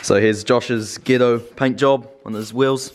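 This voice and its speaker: A man's voice: mid-range voice, fairly even intonation, a little slow. A man giving laid-back commentary on a car project vlog. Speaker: vlog narrator.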